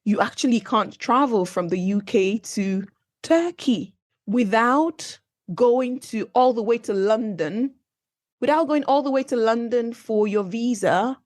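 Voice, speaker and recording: A young woman from Nigeria hosting a solo podcast, telling a travel story in a chatty, animated way with asides and questions to her listeners. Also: on the high side, a little slow, no room sound, studio quality. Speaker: podcast host. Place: based in Manchester, recorded dry and close.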